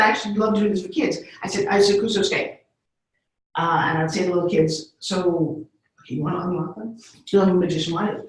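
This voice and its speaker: A middle-aged woman with a mid-range voice tells stories energetically, acting out little character voices. She sounds far from the mic, with heavy echo as if in a big bare room.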